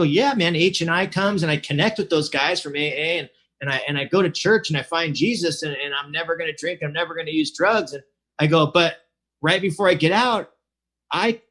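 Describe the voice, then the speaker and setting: A man with a slightly higher voice talks through his recovery story over a video call, chatty and loose. He acts out both sides of old conversations and keeps saying "you know". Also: a bit bright. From California. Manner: chatty, acts out quoted dialogue, says "you know" a lot. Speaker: recovery meeting speaker. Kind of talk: personal recovery story, casual. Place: online meeting, at home. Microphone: computer mic on a video call.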